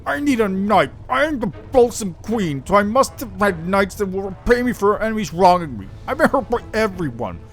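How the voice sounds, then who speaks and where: A spoiled female demon queen who whines and sulks in a raised, petulant voice, put on by a man. Soft music plays behind her in this game voicing. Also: sits high, sing-song, normal speed, few pauses, pitched above the performer's own voice. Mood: whiny. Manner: whiny, pouting, childish.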